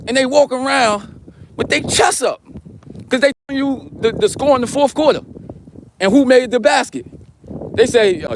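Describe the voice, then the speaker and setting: A man's voice: very high voice, expressive, normal speed, gravelly, a little hiss or hum. A middle-aged man, hosting a livestream and chatting casually and in slang straight to his viewers. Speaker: livestream host. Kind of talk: casual chat to a live chat.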